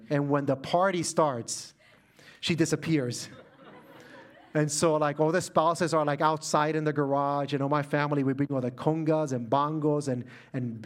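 A middle-aged man from Puerto Rico giving a sermon, telling a personal family story with animated delivery that turns soft and quiet in heartfelt moments. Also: on the high side. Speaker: preacher.

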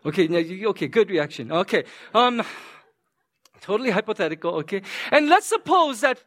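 High-pitched guy pastor giving a sermon, super lively up-and-down voice, acts stuff out. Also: a little fast. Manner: animated storytelling, acts out scenes, checks with audience.

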